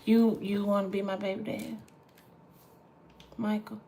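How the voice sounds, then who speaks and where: Woman, 40s, livestream host and spiritual reader; candid, salty and chatty, middle-pitched voice. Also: little pitch movement, measured pace, gravelly, mellow, slight background noise. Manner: candid and swears freely, drifts into tangents. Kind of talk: casual livestream chat.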